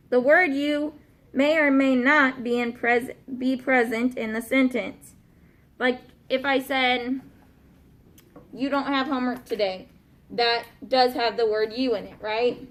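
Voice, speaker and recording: A woman with a high voice teaches a grammar lesson in a classroom. She is patient and keeps checking in with her pupils, asking "okay?" and "right?" after almost every point. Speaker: elementary school teacher.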